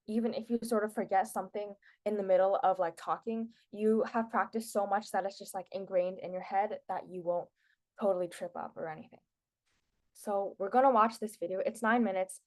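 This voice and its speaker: A teenage girl presenting public speaking tips to a class in a casual, chatty way, with lots of filler words. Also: medium pitch. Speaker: student presenter.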